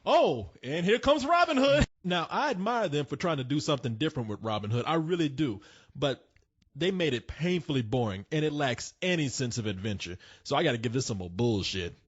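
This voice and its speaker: A man's voice: medium pitch, big pitch swings, fairly quick, slightly rough. A man reviewing a film in casual chat, complaining with exasperation. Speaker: film critic. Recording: dull lo-fi podcast audio.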